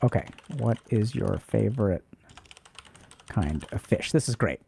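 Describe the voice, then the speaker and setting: A man's voice: on the low side, animated, measured pace, vocal fry, dark tone, a little hiss or hum. A man hosting a casual livestream, reading out and answering chat questions in a loose, rambling way.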